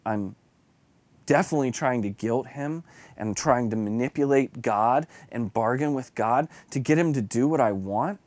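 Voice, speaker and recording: A man's voice: medium pitch, moderate pace, a little mellow, no echo. A man preaching an earnest, confessional devotional sermon that builds to fervent emphasis.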